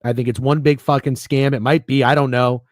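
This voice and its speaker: A man hosting a sports betting livestream in a loose, rambling way, peppering his talk with profanity and bursts of excitement. His voice sits at a middle pitch and sounds close and dry, with little room sound. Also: fairly quick, no echo. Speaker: sports betting stream host. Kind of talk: casual livestream chat.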